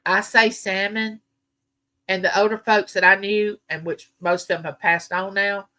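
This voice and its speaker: Bright-voiced chatty Southern woman. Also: mid-range voice, measured pace. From American South. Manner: chatty, rambling storyteller. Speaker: livestream host. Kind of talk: casual live chat with viewers.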